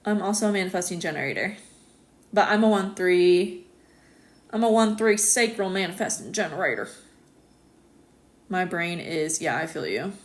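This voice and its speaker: An American woman in a casual live-stream chat, answering viewers' comments in a relaxed, chatty way and laughing often. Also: on the low side, moderate pace, pauses often. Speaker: astrologer hosting a live stream.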